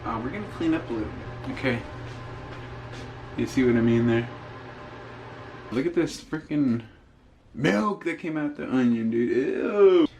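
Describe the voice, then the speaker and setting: A man's voice: medium pitch, animated, unhurried, long pauses, darkish tone, faint music behind. A young man chatting casually through a cooking vlog, jokey and rambling, recorded on a camera mic in his home kitchen. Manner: jokey, rambling, self-amused. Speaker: cooking vlogger. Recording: echoey kitchen with cooking noise. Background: frying and sizzling.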